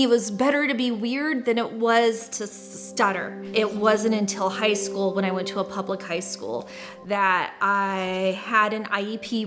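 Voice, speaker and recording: Woman who stutters, comedian. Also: medium pitch. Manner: stutters with sound repetitions and blocks. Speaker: stand-up comedian. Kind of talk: documentary interview.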